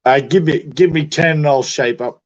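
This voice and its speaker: A man's voice: a little high, moderate pace, muffled recording. An Australian man bantering casually on a livestream, swearing often, laughing easily and sounding drunk.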